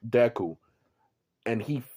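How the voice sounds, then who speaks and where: A man's voice: medium pitch, lively intonation, slow pace, warm tone, slightly rough. A man telling an improvised fan-fiction story in a rambling, profane, offhand way.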